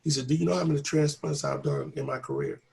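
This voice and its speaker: A man's voice: on the high side, wildly swooping pitch, fast talker, vocal fry, darkish tone. A man telling a personal story in a conversational way, acting out each exchange of dialogue with earnest conviction. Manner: acts out dialogue, repeats "I said" and "he said"; earnest, faith-filled testimony. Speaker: interviewee telling his story.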